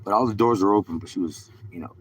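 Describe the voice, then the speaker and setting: A man's voice: fairly low pitch, fast, slight background noise. A young man telling rambling stories on a live stream, full of cursing and street slang. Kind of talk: casual rambling storytelling.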